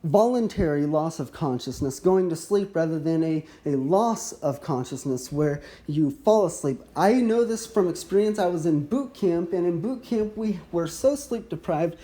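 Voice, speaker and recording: A man in his thirties, a medical educator, explaining a topic in a measured recorded lesson with occasional restarts. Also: a little high, animated, warm tone. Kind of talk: recorded teaching overview.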